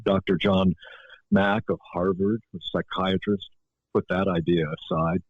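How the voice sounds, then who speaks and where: A man's voice: deep voice, a little slow, dry recording. Man on a tinny, dry call line. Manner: reflective, animated storytelling with frequent restarts. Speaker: author guest. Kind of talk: interview conversation.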